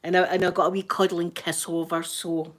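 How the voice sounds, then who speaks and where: A woman's voice: fairly low pitch, little pitch movement, brisk. A woman with a Glasgow accent, hosting her channel with a chatty, rambling manner and Scots words. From Scotland. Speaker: channel host. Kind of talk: casual livestream chat.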